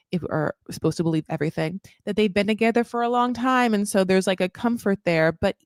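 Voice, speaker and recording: A woman at a middle pitch does a casual reality TV recap in a sarcastic, rambling way, with plenty of swearing and "like"s. The sound is dry and close, with no room echo. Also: darkish tone. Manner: sarcastic, rambling, profane, lots of "like". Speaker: host of a reality TV recap channel. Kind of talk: casual live recap commentary.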